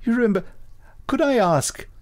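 A man putting on a high, prissy voice to mock a character from the serial. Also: lively intonation, normal speed, a little mellow. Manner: mocking, high and overdone.

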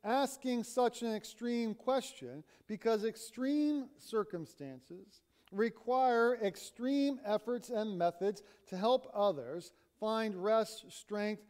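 Male preacher in a church sanctuary, a sermon storyteller, slow and measured, clear resonant tone. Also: high voice, a little mellow. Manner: storytelling, retelling a conversation. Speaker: pastor.

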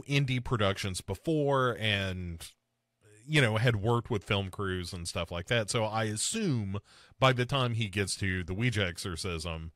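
A man hosting a podcast, chatting casually about a film and mimicking its characters with big swings in pitch. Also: a bit bright, dry recording, studio quality. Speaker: podcast host. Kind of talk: casual chat reviewing a film.

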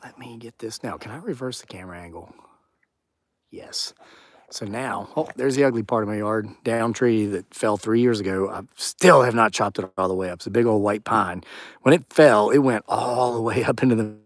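A man's voice: lowish voice, moderate pace, no echo, studio quality. A man hosting a live stream outdoors at dusk, chatting casually and reading viewer comments aloud. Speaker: channel host on a live stream. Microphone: phone or camera on a tripod.

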